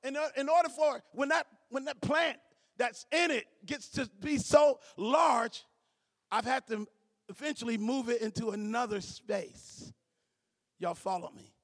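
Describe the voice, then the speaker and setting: A man preaching a sermon as pastor, calling to the congregation, swinging from shouts to low asides. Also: measured pace. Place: church sanctuary. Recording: church hall reverb.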